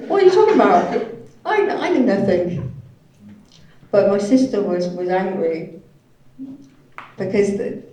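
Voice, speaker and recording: A woman with a lowish, mellow voice interprets a signed conference talk aloud. She halts and hedges, leaning on "sort of" and "you know". The mic sits far from her in a big hall with heavy echo. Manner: halting, hedging with frequent "sort of" and "you know". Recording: echoey hall from a distant mic.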